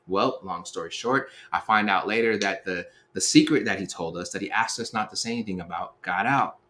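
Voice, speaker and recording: A man in his thirties telling a personal story in a relaxed, slangy way, acting out the quotes as he goes. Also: fairly low pitch, fairly quick. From Seattle area, USA. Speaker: speaker sharing life advice. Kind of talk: storytelling talk.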